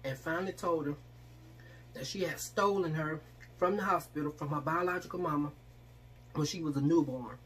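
A woman's voice: deep voice, moderate pace, long pauses, a little hiss or hum. Chatty woman telling a story while eating. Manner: chatty, acts out quoted voices, eating while talking. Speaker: vlogger. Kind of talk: casual storytelling mukbang.

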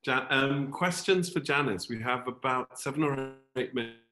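A man hosting an online session, relaxed and a little hesitant as he takes questions. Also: mid-range voice, normal speed. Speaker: session host. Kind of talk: casual chat.

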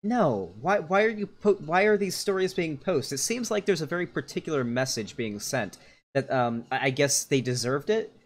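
A man's voice: fairly high pitch, expressive, moderate pace. A young adult man streaming live, giving casual, rambling reaction commentary full of fillers and restarts.

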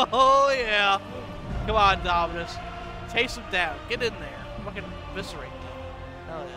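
Excitable high-voiced man narrating gameplay. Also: unhurried, music in the background. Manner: excitable, laughs often, swears freely. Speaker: gaming channel host. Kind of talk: casual gameplay commentary.

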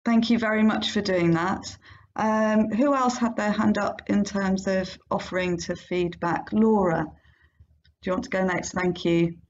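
A woman's voice: mid-range voice, steady tone, measured pace. A woman facilitating a webinar, politely inviting speakers and thanking them over a video call. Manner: polite, brief prompts and thanks. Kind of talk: moderating a webinar. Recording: dull lo-fi video call audio.

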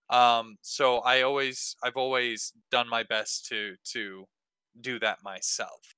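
A man's voice: mid-range voice, bright, forceful tone, smooth, dry recording. A man hosting a tabletop game workshop, answering questions casually with many hesitations and restarts. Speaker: dungeon master hosting a workshop. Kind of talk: casual Q&A talk.

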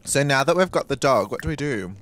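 A man's voice: mid-range voice, animated, fairly quick. A man as a drag queen streamer, commenting casually on a life-sim game, gushing, gasping and squealing with delight and swearing freely. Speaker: drag queen let's-play host.

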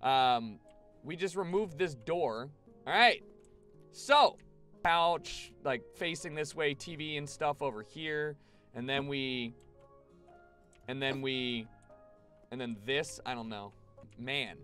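A man's voice: on the high side, lively intonation, slow pace, pauses often, fairly bright tone, faint music behind. A young man giving casual, chatty gameplay commentary to his live chat, swearing freely. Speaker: streamer.

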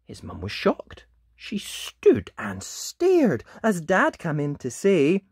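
Male read-aloud narrator, leisurely and very expressive, dry close mic. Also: slow, dry recording. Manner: lively sing-song storytelling, big swoops in pitch. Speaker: storybook reader. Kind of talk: read-aloud picture book in rhyme.

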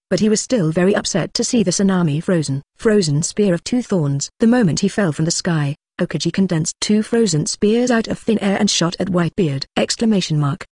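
Robotic tts audiobook narrator, flat read, even reads out punctuation, mid pitch, dry close sound. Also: husky, no room sound. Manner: reads punctuation marks aloud in a flat synthetic delivery. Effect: synthetic text-to-speech voice. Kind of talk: text-to-speech novel narration.

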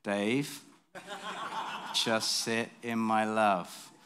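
Gentle God voice done by a man preacher, low-key, soft, patient, unhurried. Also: noisy background, lightly acted. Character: calm, gentle male God speaking.

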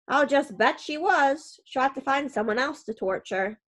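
A woman narrating a storybook in the first person, her delivery wry and dry. Her voice sits fairly high. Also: unhurried, few pauses. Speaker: audiobook narrator.

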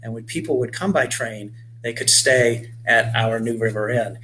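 A man's voice: medium pitch, normal speed, low-quality recording. A man reading his own storybook to children in a mid-range voice, breaking off now and then to chat with young listeners. A faint hum sits under the recording. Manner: gentle asides speaking to children. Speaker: author reading his book. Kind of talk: children's read-aloud.

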